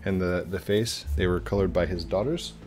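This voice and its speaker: Low-voiced man chatting over gameplay. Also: moderate pace, darkish tone, faint music behind. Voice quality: chatty, laughs often, self-deprecating asides. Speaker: game channel host. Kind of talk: casual gameplay commentary.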